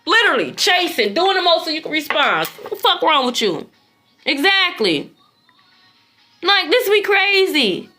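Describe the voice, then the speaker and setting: Brash, high-voiced tarot reader woman. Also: a little slow, faint music behind. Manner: blunt, profane, animated. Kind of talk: casual tarot reading livestream.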